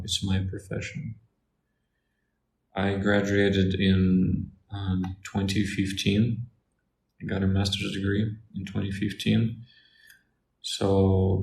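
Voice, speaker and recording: Slow, low, gravelly Russian-accented man. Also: darkish tone. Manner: slow, repeats Russian words for practice. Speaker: Russian tutor. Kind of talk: casual Q&A lesson. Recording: echoey room, faint noise.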